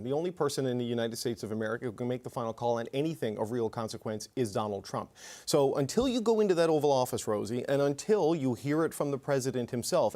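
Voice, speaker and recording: A man's voice: medium pitch, dark tone. A man, a TV political host, giving live news analysis in a thoughtful way, with frequent restarts and fillers.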